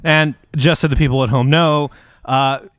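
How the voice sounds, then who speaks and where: A man's voice: mid-range voice, steady tone, normal speed, a crowd in the background. Sweary ranting male podcast host. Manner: ranting, sweary, explains with confident asides. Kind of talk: casual comedy podcast chat.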